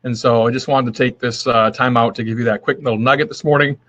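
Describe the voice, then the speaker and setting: A man's voice: medium pitch, fairly even intonation, fast, fairly bright tone, highs cut off. A man hosting his daily live stream, giving a casual motivational talk in a friendly, rambling way with many fillers and restarts. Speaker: host of a daily live video.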